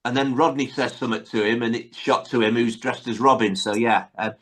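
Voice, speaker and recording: A man's voice: mid-range voice, fairly even intonation, fairly quick, fairly bright tone. A man hosting a podcast, casually retelling sitcom scenes with many tag questions. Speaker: podcast host. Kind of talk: casual chat recapping a sitcom episode.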